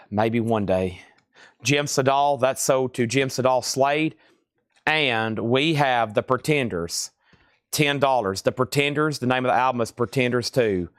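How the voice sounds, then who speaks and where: A man hosting a live online vinyl record sale, calling out titles, prices and bids in quick patter. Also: medium pitch, a bit bright, no echo, clean studio sound. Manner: rapid-fire auctioneer patter, hums tunes. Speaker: host. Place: record shop.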